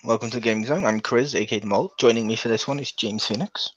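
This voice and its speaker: A man's voice: medium pitch, fast, no echo. A man hosting a casual game review, rambling along and restarting his sentences. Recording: dull lo-fi.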